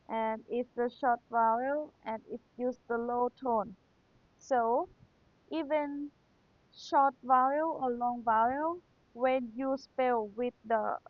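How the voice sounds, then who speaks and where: A young woman whose first language is Thai teaches an exam review lesson in a voice on the high side. She patiently repeats key points and checks in with rhetorical questions, and the audio is tinny, phone-like, and dry with no echo.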